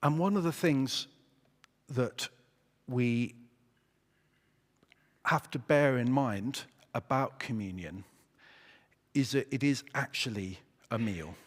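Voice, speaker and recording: A man preaching a sermon in a church, chatty and relaxed with hesitations and a joking touch. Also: mid-range voice, slow pace, long pauses. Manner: conversational, hesitant with fillers, joking. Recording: echoey church hall.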